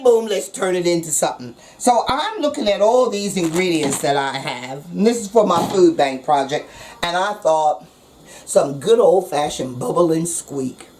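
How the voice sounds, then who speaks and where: A woman's voice: lowish voice, animated, normal speed. A woman hosting a casual cooking vlog in her kitchen, talking in a playful, jokey, slangy way. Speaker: cooking show host. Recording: noisy background.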